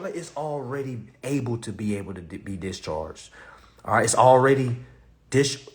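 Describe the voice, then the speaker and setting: A man teaching an online class in a casual, streetwise way, firing off profane rhetorical questions and laughing between points. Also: mid-range voice.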